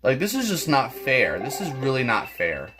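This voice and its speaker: Music plays in the background as a man commentates his own gameplay for his channel. His mid-range voice swoops wildly in pitch at a moderate pace, and he swears a lot and stammers through restarts in this let's play.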